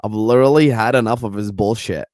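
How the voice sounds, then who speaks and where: A man's voice: on the low side, fast talker, a little mellow, dry recording, natural voice. A man voicing a fed-up male viewer. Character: male viewer complaining in chat.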